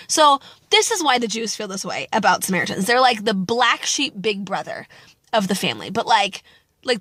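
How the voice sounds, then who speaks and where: A woman giving an animated, chatty reflection on a gospel passage, acting out the people she talks about. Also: a little high, no echo. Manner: animated, chatty, acts out quotes. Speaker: Catholic speaker.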